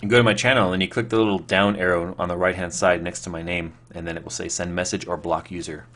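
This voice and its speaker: A man with a slightly low voice talks loosely to his chat on a live stream. He rambles, trips over restarts and fills gaps with "um" and "like". He reads viewer questions aloud and answers them off the cuff. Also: flat delivery, fast, fairly bright tone, slight background noise.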